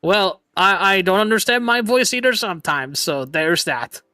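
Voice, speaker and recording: A man's voice: high voice, animated, moderate pace, bright, forceful tone, smooth, no room sound, studio quality. A young man hosting a casual streamed chat, laughing often and talking playfully. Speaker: VTuber streamer host.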